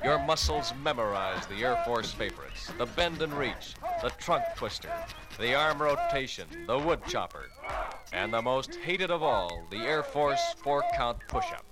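A man's voice: medium pitch, lively intonation, measured pace. Wry male documentary narrator over music. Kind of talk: scripted narration.

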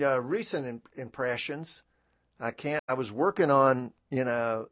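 A man's voice: medium pitch, a little slow, fairly bright tone, no echo. A man hosting a radio talk show in a studio, rambling in a chatty, self-deprecating way with many fillers and restarts. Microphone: studio microphone.

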